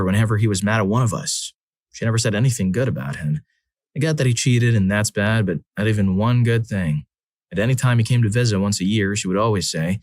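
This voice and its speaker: A man reading first-person stories aloud as a channel narrator, in a measured, earnest way. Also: lowish voice, dry recording, studio quality.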